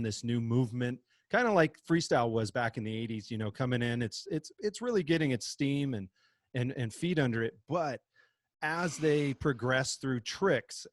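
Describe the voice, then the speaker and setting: A man's voice: mid-range voice, no room sound, studio quality. A man co-hosting an interview, chatting casually and laughing along. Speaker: co-host.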